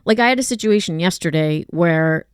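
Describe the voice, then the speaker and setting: A woman's voice: on the low side, lively intonation, normal speed, clear, resonant tone, dry recording, clean studio sound. A woman, a dog walker and trainer, chatting on a podcast and explaining things through everyday examples, full of "like" fillers. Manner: conversational, explains with hypotheticals, many fillers like "like". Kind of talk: casual chat.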